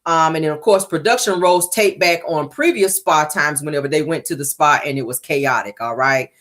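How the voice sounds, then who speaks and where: A woman hosting a casual reality show recap, sassy and animated, acting out the cast's lines in different voices. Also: low voice, normal speed.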